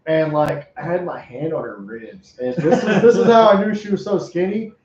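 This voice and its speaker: A man hosting a podcast, telling a story in an animated way, laughing often and swearing in casual chat. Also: on the high side, moderate pace. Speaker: podcast host. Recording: roomy, muffled sound.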